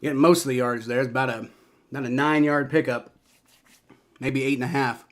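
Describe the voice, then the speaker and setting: A young man giving live play-by-play reaction to a football game, excitable and swearing as he reacts to each play. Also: mid-range voice, a little fast.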